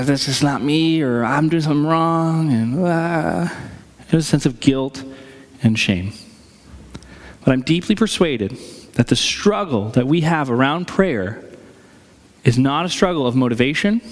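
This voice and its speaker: A man's voice: mid-range voice, big-room sound. A man preaching a sermon as pastor in a church sanctuary, conversational and acting out the voices he quotes.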